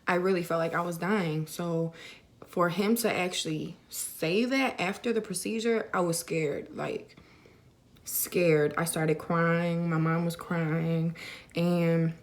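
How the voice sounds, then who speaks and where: A woman's voice: on the low side, fairly even intonation, measured pace. A young woman vlogger casually telling a personal story to camera, filling her talk with "like" and "you know.". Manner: chatty, many fillers like "like" and "you know".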